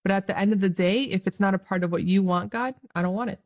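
A woman's voice: mid-range voice, fast talker, a little mellow. A young woman giving an earnest, joyful faith talk straight to her viewers, laughing often as she speaks. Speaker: Catholic speaker.

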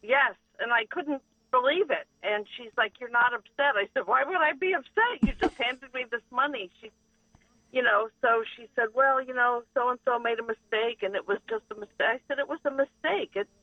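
A woman's voice: on the high side, moderate pace, no room sound. Woman caller on a muffled phone line. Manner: earnest, animated retelling. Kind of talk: phone call-in storytelling.

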